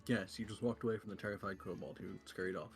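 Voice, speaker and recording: A man runs a tabletop game in a laid-back, dry manner, moving between banter and scene narration. His voice sits somewhat low, with faint music playing behind him. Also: fairly even intonation, quick pace, vocal fry. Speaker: game master.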